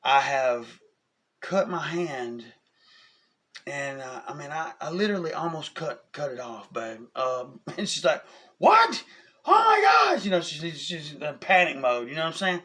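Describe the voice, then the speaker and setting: A man, telling a personal story in a casual, animated way, often asking "you know what I'm saying?". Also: on the high side, unhurried. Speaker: vlogger.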